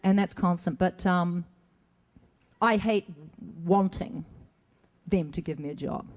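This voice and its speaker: A woman's voice: fairly low pitch, takes it slowly, a little mellow. A middle-aged woman answering fan questions on a convention stage in a chatty, rambling way, laughing often. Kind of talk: casual stage Q&A. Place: convention stage before an audience.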